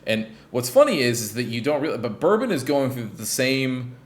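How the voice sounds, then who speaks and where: A man's voice: mid-range voice, sing-song, fairly quick. A man co-hosting a podcast, rambling in casual chat with lots of fillers and the odd swear word. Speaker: podcast co-host.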